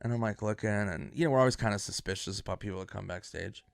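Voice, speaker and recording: A comedian telling backstage stories in a loose, rambling way, swearing freely. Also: male voice, lowish voice, fast, creaky, no room sound, clean studio sound. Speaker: comedian guest. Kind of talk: casual anecdote telling.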